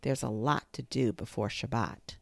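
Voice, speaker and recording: A woman reading a storybook aloud, voicing a calm, firm older sister close to her own voice. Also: very deep voice, normal speed, vocal fry, dry recording, full character voice. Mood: steady. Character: sensible brave older sister.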